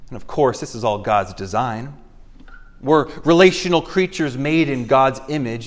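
A man preaching a sermon as pastor of a church, earnest and emphatic, slowing down to stress key phrases. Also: medium pitch.

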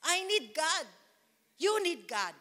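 A woman pastor preaches with fervent repetition and bursts of praise. Her voice sits high and sounds bright and forceful. A long hall reverb trails each phrase, as in a church sanctuary. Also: big pitch swings, takes it slowly. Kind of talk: sermon.

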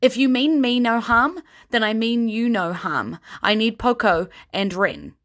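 A woman's voice: fairly high pitch, lively intonation, unhurried, a bit bright, pitched above the performer's own voice. A woman voicing a determined young female spellcaster who pleads urgently. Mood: pleading.

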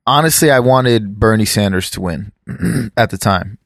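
A man's voice: fairly low pitch, expressive, a little slow, creaky, fairly bright tone, no echo, studio quality. A man who immigrated to the US, chatting casually and rambling, correcting himself and swearing offhand. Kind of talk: casual podcast chat.

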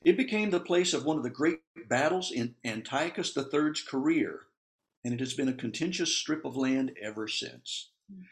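A man teaching through a Bible passage in a conversational way, with asides, laughs and acted-out quotes. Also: on the high side. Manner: animated, acts out quotes.

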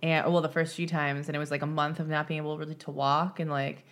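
A woman's voice: deep voice, level tone, fast talker. A young woman co-hosting a podcast live stream, chatting casually, crude and joking, often talking over her partner. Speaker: podcast co-host. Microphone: computer mic on a live stream.

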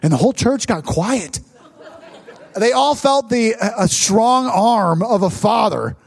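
A man's voice: sits high, expressive, slow, creaky, slightly rough. A young adult male pastor telling a personal story in a conversational sermon, talking to the congregation.

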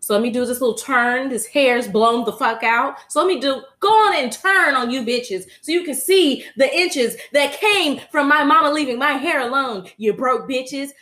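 A woman's voice: high-pitched, moderate pace, few pauses, pitched above the performer's own voice. A woman doing a sassy, bossy little girl. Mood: boastful. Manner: brash, cussing, loud and bossy.

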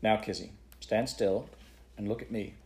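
A man voicing a patient older male court chairman who speaks gently but firmly, in measured phrases. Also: on the low side, close to an everyday voice. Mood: gentle.

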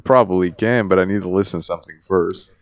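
American guy on a podcast, lowish voice, dry close mic, swears a lot. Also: quick pace, no echo. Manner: swears a lot, animated and joking. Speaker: podcast co-host. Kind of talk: casual podcast chat.

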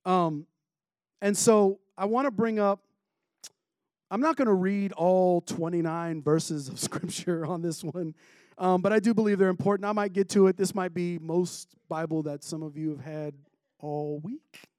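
A male preacher gives a sermon in a casual manner, breaking off for joking asides. His voice sits high for a man. The recording is dry and close. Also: a little slow, darkish tone, no echo.

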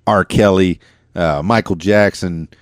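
A man's voice: sits low, measured pace, no echo, clean studio sound. Rambling self-deprecating middle-aged man. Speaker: podcast host. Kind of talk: casual podcast chat.

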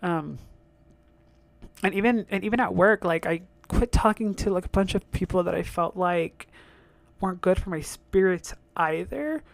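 A man's voice: high-pitched, normal speed, vocal fry, no room sound. A young man hosting his own show, talking in a blunt, profane, exasperated rant. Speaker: solo podcast host. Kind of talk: casual rant monologue.

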